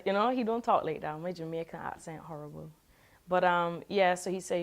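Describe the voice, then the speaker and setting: A woman reggae singer, reflecting in a relaxed, casual interview. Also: on the low side, fairly quick. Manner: relaxed, reflective, with many "you know" fillers.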